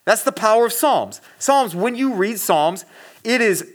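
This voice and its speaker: High-voiced earnest young-style preacher man. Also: expressive, a little slow. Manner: earnest, talks to listeners directly, with many fillers and restarts. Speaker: pastor. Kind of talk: casual conversational sermon. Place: room with a gathered congregation.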